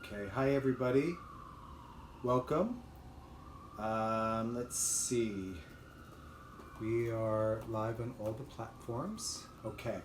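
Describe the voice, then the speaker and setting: A man's voice: mid-range voice, takes it slowly, pauses often. Man, host, chatty explainer, livestream lesson, echoey room, faint noise. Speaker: host and chant leader. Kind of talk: livestream teaching.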